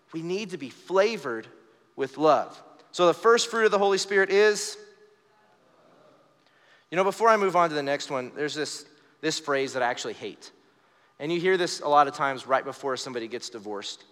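Conversational young pastor in a reverberant hall. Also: male voice, fairly high pitch. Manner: conversational, storytelling with acted quotes. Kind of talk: sermon. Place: church sanctuary, live service.

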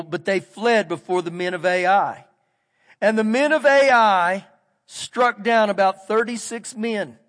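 A man preaching a sermon as pastor, reading scripture aloud and switching between loud emphasis and quiet asides. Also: high-pitched, big-room sound. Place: church sanctuary.

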